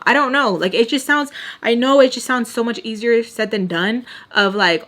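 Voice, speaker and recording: A woman's voice: medium pitch, a little fast, a bit bright. Heated young woman telling a story. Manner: heated, profane, rambling with many fillers. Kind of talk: casual storytime.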